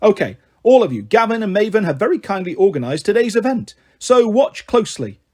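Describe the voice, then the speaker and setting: A man's voice: sits high, sing-song, fairly quick, a little mellow. A man reading aloud, voicing a flustered male teacher announcing things to his class.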